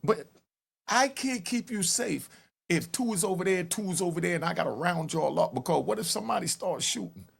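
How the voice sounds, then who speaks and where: Gravelly animated New man. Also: sits high, brisk. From New York. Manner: storytelling, yells and acts out calls. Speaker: commentary host. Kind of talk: animated street-talk commentary.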